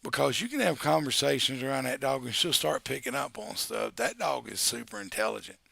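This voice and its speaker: Man in his 40s, heavy vocal fry, bright edge, rambling casual streamer on a headset. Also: medium pitch, big pitch swings, brisk, no echo. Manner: rambling and joking, with baby talk to his dog. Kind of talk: casual live-stream chat.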